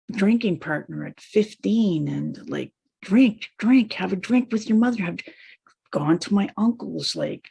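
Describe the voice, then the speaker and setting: A woman's voice: fairly low pitch, vocal fry, a little mellow, slightly rough. A woman telling her own painful story in a raw, repetitive monologue, piling on lists of hurts. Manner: raw, pained and repetitive, with long trailing lists. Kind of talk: personal testimony monologue.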